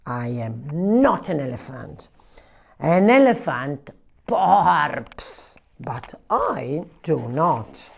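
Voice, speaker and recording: A small, stubborn storybook mouse, as a woman reading aloud puts him on, who talks in an insistent, playful way. The voice sits a little low and moves through lively pitch swings. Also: gravelly, full character voice.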